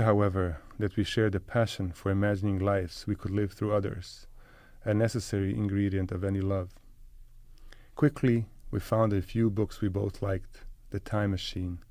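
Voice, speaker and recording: A man reading a first-person literary story aloud in a measured, deliberate way. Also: sits low, dark tone, no room sound. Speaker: narrator. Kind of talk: scripted literary narration.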